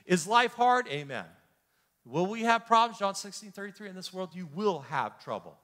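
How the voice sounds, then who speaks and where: A man leads a church Bible study with a high, bright voice that leaps up and down in pitch. He jokes, exclaims, and repeats himself as he teaches. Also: moderate pace. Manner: animated, jokey, exclaims and repeats words. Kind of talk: lively sermon-style teaching. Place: church hall.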